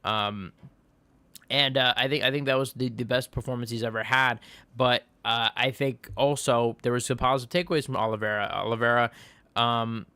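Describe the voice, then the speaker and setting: Male streamer, casual rambling fight talk, bright crisp voice, dry close sound. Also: medium pitch, steady tone, normal speed, no echo. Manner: rambling, frequent restarts and fillers. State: tired, yawning. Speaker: MMA commentator. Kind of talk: casual livestream chat.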